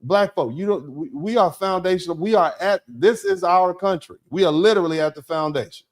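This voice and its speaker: A man's voice: sits high, brisk. A man hosting a livestream and thanking viewers from the chat. He talks in a rambling, emphatic way, repeating words and restarting sentences, and calls listeners "baby" and "bro.". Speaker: host reading viewer chat.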